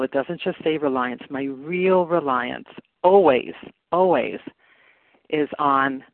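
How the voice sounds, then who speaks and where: A man's voice: a little high, dry recording. Earnest man on a tinny phone line. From Canada. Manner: earnest, reflective, repeats words for emphasis. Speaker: meeting member sharing. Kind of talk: recovery meeting share.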